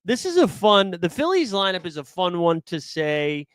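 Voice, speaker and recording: A man's voice: high-pitched, big pitch swings, normal speed, fairly bright tone, smooth, no room sound, studio quality. A young man hosting a live fantasy sports stream, talking casually and jokily with lots of filler words. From New England.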